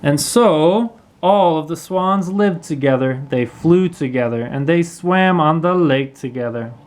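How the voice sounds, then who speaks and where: A man reading a children's storybook aloud, clear and expressive. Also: a little high, unhurried, low-quality recording. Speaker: storybook reader.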